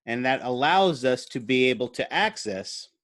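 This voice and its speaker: A man's voice: medium pitch, lively intonation, normal speed, a bit bright, no room sound. Man lecturing on biology, dry sound. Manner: explains step by step while drawing on slides, thinks aloud; informal and playful, asks the class questions. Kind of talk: recorded college lecture.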